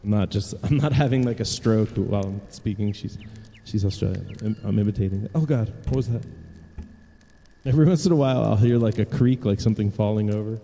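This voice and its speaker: A man's voice: lowish voice, fairly quick, gravelly, mellow, big-room sound, a little hiss or hum. A man chatting casually and rambling to live viewers from his home music studio. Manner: rambling, chatty, self-deprecating.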